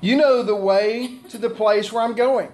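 A man's voice: sits high, fairly even intonation, moderate pace, darkish tone. A man preaching a conversational sermon, acting out the scripture voices he quotes. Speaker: pastor.

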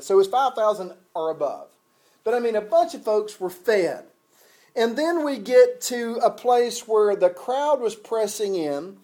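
A man's voice: high-pitched, a little mellow. A man preaching a sermon in a folksy, conversational way, often restarting his sentences. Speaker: pastor.

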